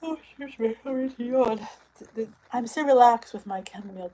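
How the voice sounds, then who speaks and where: A middle-aged woman from New Jersey hosting a casual live-stream chat, chatty and quick to laugh as she answers viewer comments. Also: fairly high pitch, warm tone, low-quality recording. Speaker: weight loss channel host.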